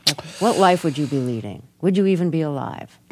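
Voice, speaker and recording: A woman radio host asking interview questions and reading scripted introductions in a measured, composed way at a studio microphone. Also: sits low, expressive, noisy background.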